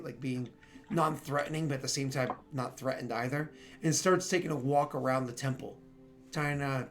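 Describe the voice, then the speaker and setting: A man narrating a tabletop role-playing game as game master, casual and full of fillers and restarts. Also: mid-range voice. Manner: rambling with many fillers.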